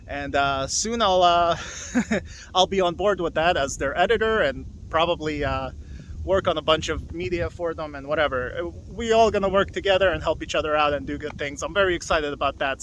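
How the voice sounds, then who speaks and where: A man's voice: on the high side, moderate pace, fairly bright tone, slight background noise. Breathless young man vlogging in the woods. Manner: loose and chatty, full of fillers and restarts. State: slightly out of breath from walking. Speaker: hot wheels vlogger. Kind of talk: rambling casual vlog talk. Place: alone outdoors in a forest.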